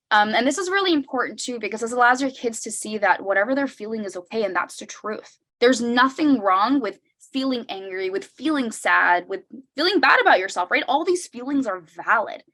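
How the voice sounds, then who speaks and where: Over a video call, a young adult woman with a medium-pitched voice presents an online parenting workshop. Her delivery is conversational, she keeps tagging sentences with "right?", and she acts out parents' lines in a brighter voice.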